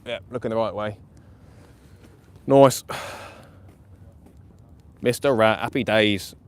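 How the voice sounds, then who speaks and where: A man commenting live on his night fishing session, chatty and excitable, laughing often, outdoors by the water. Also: on the low side, very slow. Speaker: fishing vlogger. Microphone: camera or phone mic on a live stream.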